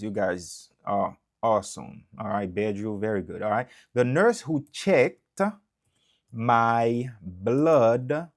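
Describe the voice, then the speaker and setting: A Haitian-accented man with a medium-pitched voice teaches English in a live online lesson. He blends Creole with English and repeats every example sentence slowly.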